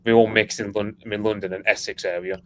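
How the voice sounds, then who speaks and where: A man's voice: on the low side, flat delivery, fairly quick, a bit bright, slight background noise, poor audio. A man co-hosting a live history stream, rambling casually and leaning on fillers as he explains.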